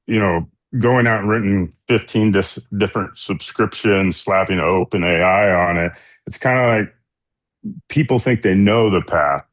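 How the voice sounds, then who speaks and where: A man who founded a company, answering as a guest in a casual, conversational way. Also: low voice. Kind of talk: interview answer.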